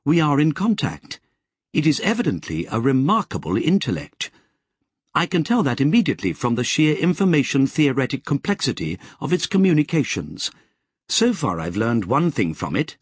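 A man voicing a precise, chattering male artificial intelligence with a crisp, eager way of talking. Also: mid-range voice, big pitch swings, normal speed, no room sound, clean studio sound, voice pushed up.

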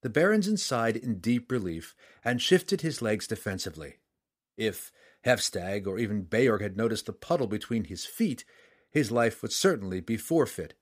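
Man, audiobook narrator, fantasy story, measured, dramatic, mid pitch.

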